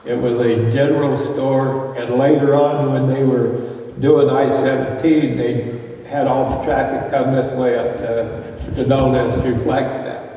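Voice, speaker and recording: A man's voice: mid-range voice, flat delivery, a little slow, dark tone. An older man from Arizona, telling ranch stories in a rambling, folksy way with many fillers. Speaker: former ranch boy telling local history. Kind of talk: casual storytelling. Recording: echoey roomy hall from far off.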